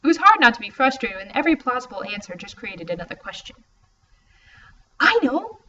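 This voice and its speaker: A woman narrating a young adult novel in the first person, in an expressive, lively reading style. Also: mid-range voice, fast. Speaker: audiobook reader. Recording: distant, muffled, faint hiss.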